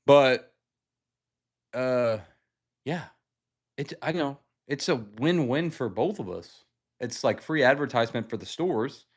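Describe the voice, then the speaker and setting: A young man from the United States chats on a casual livestream, telling a story loosely with lots of fillers. He acts out what people said to him and swears freely. His voice sits at an ordinary middle pitch. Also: lively intonation, slow pace, pauses often, husky. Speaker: livestream host.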